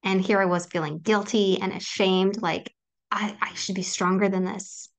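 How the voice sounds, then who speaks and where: On her solo podcast, a woman offers earnest reassurance to her listeners, with lots of ums. She speaks at a normal speed in a steady, creaky, mid-range voice.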